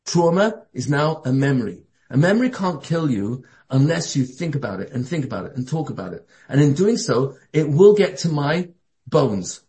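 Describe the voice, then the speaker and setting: A man with a high voice preaches a sermon. He talks with a lot of energy, stumbles and restarts often, and shifts between calm and excited passages. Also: moderate pace. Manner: animated, acts out quoted voices, frequent restarts. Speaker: Torah teacher.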